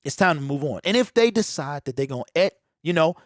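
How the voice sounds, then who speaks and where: A man's voice: a little high, fast, no room sound, clean studio sound. A man giving a fired-up, opinionated solo sports commentary, talking straight to his viewers in loose slang, recorded on a desk mic at home. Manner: animated, preachy, talks straight to viewers with slang. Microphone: home desk mic that pops.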